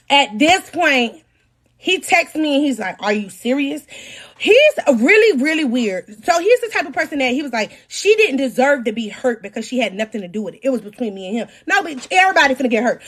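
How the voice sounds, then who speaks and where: Animated high-voiced woman telling a story. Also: moderate pace. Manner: animated, swings between low mutters and loud outbursts; talks to her audience directly. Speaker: storytelling podcast host. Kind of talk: casual storytime chat.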